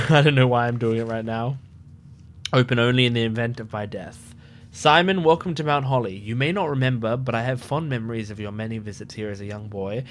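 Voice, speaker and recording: A man hosting a casual let's-play in a relaxed, chatty way, sleepy and yawning, who laughs often while he reads game text aloud. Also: medium pitch. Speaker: gaming video host.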